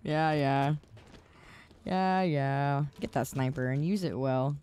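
Tired woman streamer, slow and low. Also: dark tone, smooth. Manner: chatty, exasperated, quick to laugh. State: tired from staying up. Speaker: game streamer. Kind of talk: casual live-stream chat while gaming. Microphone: close desk mic.

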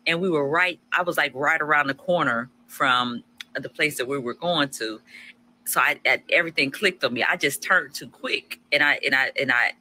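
A woman's voice: low voice, normal speed, sharp tone, a little hiss or hum, rough recording. A woman telling a personal story casually, acting out her own past lines with animation.

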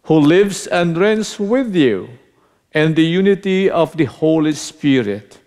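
A man serving as priest leads a prayer in a slow, solemn, intoning way. His fairly high voice carries through a large church with a long, hanging reverb. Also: lively intonation, a little mellow. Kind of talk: liturgical prayer.

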